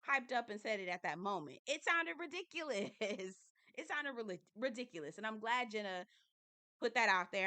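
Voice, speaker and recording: A woman's voice: medium pitch, bright, forceful tone, no echo. A woman recapping a reality show in a casual, candid and chatty way, swearing now and then.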